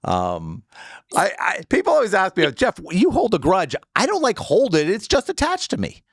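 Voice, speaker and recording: A man's voice: high-pitched, wildly swooping pitch, moderate pace, no room sound, studio quality. A middle-aged man hosting a casual comedic interview, wry and joking, often trailing off mid-sentence. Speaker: interview host.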